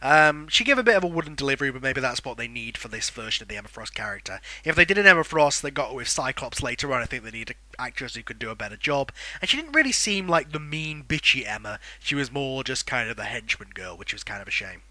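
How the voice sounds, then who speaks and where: A man's voice: mid-range voice, big pitch swings, fast, few pauses, pushed and bright, no room sound. A man giving a casual, enthusiastic and opinionated spoken film review, rambling a little as he goes.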